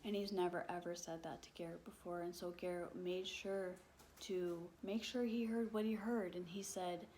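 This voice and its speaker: A young woman telling a personal story as a vlogger, halting and emotional, leaning on "like" as filler and swearing when upset. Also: lowish voice, steady tone, dark tone, a little hiss or hum.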